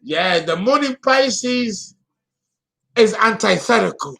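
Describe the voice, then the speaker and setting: A man's voice: high voice, animated, slow, pushed and bright. A man in his fifties giving a theatrical, exclamatory solo astrology talk. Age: 50s. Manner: dramatic, exclamatory, laughing.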